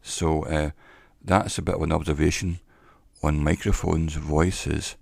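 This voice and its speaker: A man, a former salesman, telling a wry story to camera in a slow, deliberate way on a cheap microphone. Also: a bass voice, flat delivery, vocal fry, darkish tone, no echo, clean studio sound. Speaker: vlogger. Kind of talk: casual monologue to camera.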